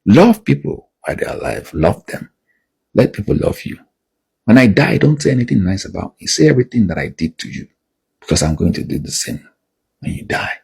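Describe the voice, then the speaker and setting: A very low, gravelly male voice with wide swings in pitch, speaking bluntly and insistently in a personal monologue. Soft music plays faintly behind him. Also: very animated, brisk. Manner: blunt and emphatic, rising to raised insistence. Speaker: video monologue host.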